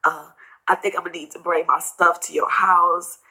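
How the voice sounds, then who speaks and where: A middle-aged woman, tearful and tired, rambling through a personal story in a vlog and quoting others in hushed asides. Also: fairly low pitch, fairly even intonation, moderate pace, rough recording. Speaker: vlogger telling a personal story.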